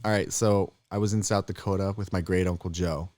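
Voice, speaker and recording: A young man with a fairly low, dry-recorded voice tells a spooky story to his co-host. He jumps up in pitch and volume whenever he plays out a scare. It is relaxed podcast chat. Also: a little fast, no echo. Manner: animated storyteller who jumps high and loud when acting out scared voices.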